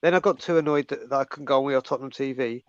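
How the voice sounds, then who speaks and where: A man's voice: medium pitch, racing, clear, resonant tone, no room sound, muffled recording. A tired man hosting a casual fan chat, getting tongue-tied and swearing at himself.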